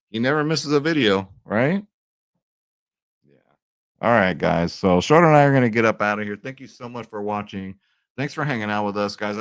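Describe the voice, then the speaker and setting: A man's voice: on the low side, a bit bright, no room sound. A young man casually talking through his sports betting picks, chatty and upbeat, often checking in with his viewers. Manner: chatty, upbeat, says "right?" and "guys" a lot. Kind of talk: casual picks video talk.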